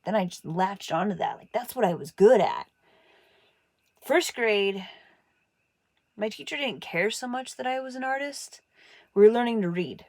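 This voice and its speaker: A woman's voice: normal speed, no room sound. Woman telling stories in a dry room. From Montana. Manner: animated, acts out quoted voices with big pitch jumps. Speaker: artist telling her life story. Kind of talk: casual personal storytelling.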